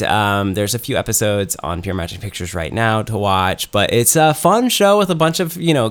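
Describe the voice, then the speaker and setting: A man's voice: medium pitch, clear, resonant tone. Man, podcast co-host, casual chat, rambling, lots of ums. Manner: rambling, many ums and restarts.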